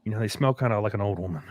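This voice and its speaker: Brash low-voiced joking man. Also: no echo, clean studio sound. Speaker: podcast host. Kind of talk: crude casual chat.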